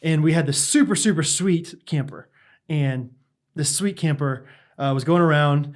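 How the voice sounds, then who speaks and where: A man's voice: fairly high pitch, normal speed. A young adult man co-hosting a podcast, telling a casual story with lots of laughter and "like". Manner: animated, laughing, heavy use of "like". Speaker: podcast co-host.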